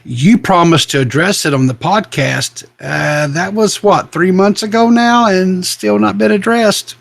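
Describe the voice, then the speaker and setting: A man's voice: high-pitched, unhurried, creaky, no echo. A man co-hosting a podcast in casual chat, wry and blunt. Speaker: podcast co-host.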